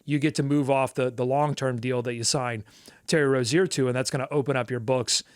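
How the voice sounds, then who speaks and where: A man's voice: medium pitch, fairly even intonation, fairly quick, smooth, no echo, clean studio sound. A man co-hosting a sports podcast, talking casually with lots of fillers and playful asides. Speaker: podcast co-host.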